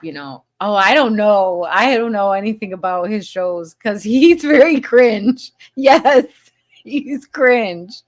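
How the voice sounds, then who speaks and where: Slow, chatty woman hosting a live chat. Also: medium pitch, a bit bright. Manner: chatty, laughs often between remarks. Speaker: livestream host. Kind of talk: casual live chat, reading viewer comments aloud.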